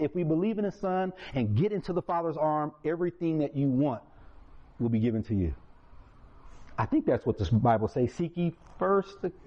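A man preaching a sermon, telling a story and acting out its characters in a raised voice. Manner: animated, acts out characters in higher voice. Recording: dull lo-fi sound.

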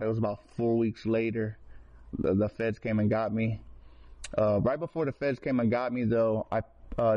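A man telling his personal faith testimony in casual storytelling, earnest, with street slang and frequent restarts. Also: lowish voice. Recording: slightly dull lo-fi recording.

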